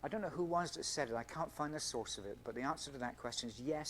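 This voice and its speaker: This male scientist talks fast with few pauses, his mid-range voice expressive and fairly bright. Giving an earnest evening lecture to a student Christian group at a university event, he explains through everyday examples and emphasizes key words.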